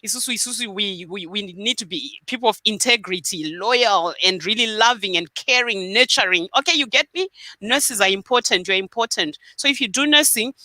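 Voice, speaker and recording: A woman's voice: medium pitch, a little fast, sharp tone, no echo. A woman with a Zimbabwean accent, a nurse hosting an online group chat, speaking emphatically and repeating points for stress. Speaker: nurse and discussion host. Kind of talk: casual group discussion, mixing English and Shona.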